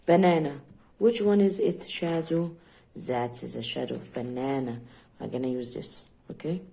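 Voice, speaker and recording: A woman's voice: a little slow, mellow. A woman with an Egyptian Arabic accent demonstrating a children's English activity book, asking questions and answering them herself as the child. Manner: plays both teacher and child, asking then answering in a lower voice. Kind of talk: home teaching demo, Arabic mixed with English.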